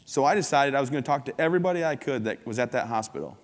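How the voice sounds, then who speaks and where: A man's voice: medium pitch, animated, rapid-fire. Upbeat joking man in a big hall. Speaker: keynote speaker. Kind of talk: humorous motivational talk. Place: large conference hall. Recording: long hall reverb.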